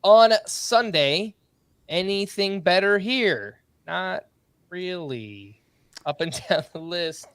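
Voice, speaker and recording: Male podcast host, casual and brisk, slightly higher voice, dry close mic. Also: lively intonation, fairly bright tone, no room sound. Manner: brisk, laughs often, reads through stat updates. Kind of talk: casual sports podcast chat.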